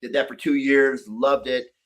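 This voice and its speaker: A man's voice: medium pitch, little pitch movement, moderate pace. Middle-aged man, plain mid voice, candid podcast guest, swears freely, recaps his life. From Northern California. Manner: candid, profane storytelling. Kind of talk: casual podcast conversation.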